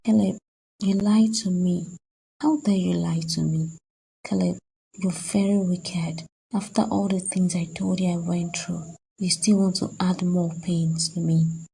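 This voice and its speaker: A woman's voice: fairly low pitch, fairly even intonation, measured pace, warm tone, soft background music, low-quality recording. A woman voicing a heartbroken, betrayed young fiancée in a cartoon, talking in a distressed, accusing way. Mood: angry. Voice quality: husky, gravelly. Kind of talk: cartoon voice acting.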